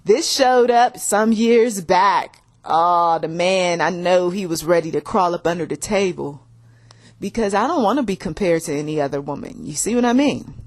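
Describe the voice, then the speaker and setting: A woman's voice: on the low side, animated, normal speed, a little mellow. A woman hosting a faith-based talk about relationships, chatting casually, laughing often and acting out both sides of arguments. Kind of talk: casual spoken commentary with acted quotes.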